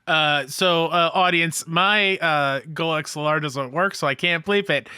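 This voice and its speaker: A young man co-hosting a casual podcast, gushing with excitement in quick bursts. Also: fairly high pitch, clean tone, no room sound, studio quality. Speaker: podcast co-host.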